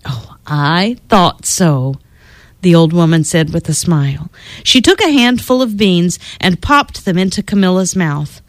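A woman reading a children's storybook aloud in an expressive, lilting storytelling manner. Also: on the low side, moderate pace, no echo.

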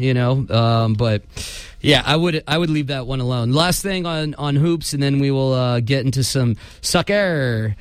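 A man's voice: medium pitch, normal speed, clear, resonant tone, dry recording. A male podcast host chatting loosely about sports, full of ums and restarts. His voice sits mid-range and sounds close and dry, with no room around it. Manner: rambling, filler-heavy delivery. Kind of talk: casual sports chat.

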